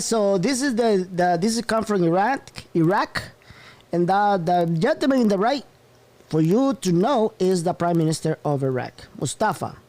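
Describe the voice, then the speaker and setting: A man's voice: high-pitched, darkish tone. A man hosting a casual news commentary show, rambling and often breaking into laughter. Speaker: host.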